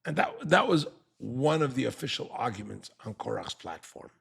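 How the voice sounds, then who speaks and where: An older man teaching a Torah class, animated and fond of rhetorical questions, who acts out the people he quotes. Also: mid-range voice, normal speed, gravelly, husky.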